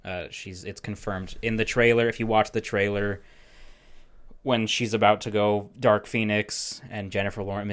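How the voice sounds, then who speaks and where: A man hosting a podcast, telling rambling, animated stories in casual chat. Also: fairly low pitch, smooth. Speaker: podcast host.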